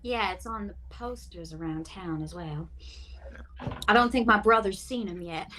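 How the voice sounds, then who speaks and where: A woman's voice: on the low side, moderate pace, a crowd in the background, lightly acted. A woman playing a proud young actress. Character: proud young actress, showy and quick-witted.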